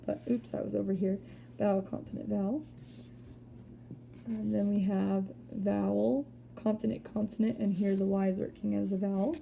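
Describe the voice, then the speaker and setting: A woman teacher giving a recorded spelling lesson, patiently explaining step by step and sounding out words slowly. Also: mid-range voice, vocal fry, warm tone, slight background noise. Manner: slow deliberate word-by-word sounding out.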